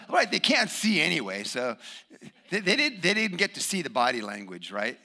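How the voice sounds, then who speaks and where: A man preaching a sermon, emphatic, swinging between loud bursts and hushed asides. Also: a little high, huge pitch swings, unhurried, long pauses.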